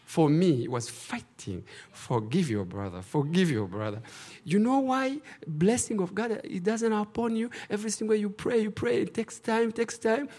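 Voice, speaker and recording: A man's voice: sits high, expressive, moderate pace, hardly any pauses, a little mellow. A middle-aged man, a pastor telling his testimony in emotional, broken English. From Rwanda. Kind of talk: testimony preaching.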